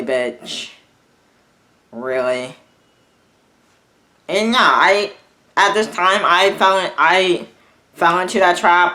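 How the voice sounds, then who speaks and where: A young man telling a personal story in an angry, halting vlog rant, full of restarts and swearing. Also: sits high, pushed and bright, rough recording. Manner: halting and bitter, with frequent restarts and profanity. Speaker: vlogger.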